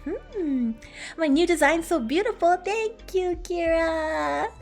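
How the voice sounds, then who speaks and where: Woman streamer, bright high voice, lively swoops, giggly, faint music underneath. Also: slow. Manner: playful, giggly, animated. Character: playful dragon streamer persona. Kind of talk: casual livestream chat with viewers.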